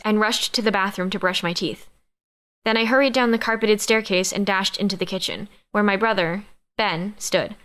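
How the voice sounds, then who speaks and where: Female audiobook narrator, mid-pitched, even and measured first-person reading.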